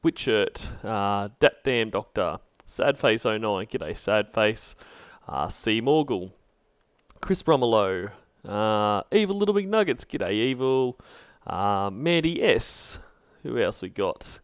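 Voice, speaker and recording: A man hosting a livestream, laid-back, greeting viewers by name with many pauses. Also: on the low side, animated, clean tone, no room sound, lo-fi sound. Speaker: livestream host. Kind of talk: casual stream chat.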